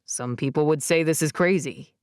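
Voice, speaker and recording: A woman voicing an earnest young man proposing, speaking low and softly in an audiobook. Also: normal speed, dry recording, studio quality, lightly acted. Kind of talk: audiobook character reading. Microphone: close studio mic, dry.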